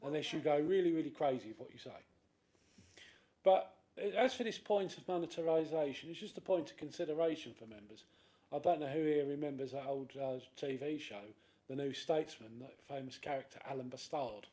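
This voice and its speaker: A man, a councillor speaking in a committee debate, animated and acting out other people's voices. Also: fairly high pitch, a little fast. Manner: animated, acts out quoted voices. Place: council chamber.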